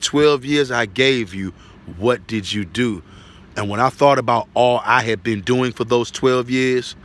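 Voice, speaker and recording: Man with a bright, forceful voice. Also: medium pitch. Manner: earnest and repetitive, with frequent tag questions. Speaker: religious testimony speaker. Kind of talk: spoken testimony of a dream.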